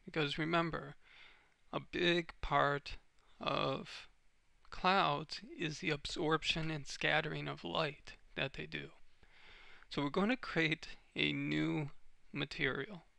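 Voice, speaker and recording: A man giving a step-by-step software tutorial over a screen recording, explaining each click as he goes. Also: a little high, fairly even intonation, takes it slowly, gravelly, dry recording.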